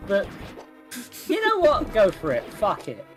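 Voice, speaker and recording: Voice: mid-range voice, wildly swooping pitch, measured pace, over music. A speaker from the South of England chatting on a game stream, teasing and mock-dramatic. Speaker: stream guest. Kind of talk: casual chat over a game stream.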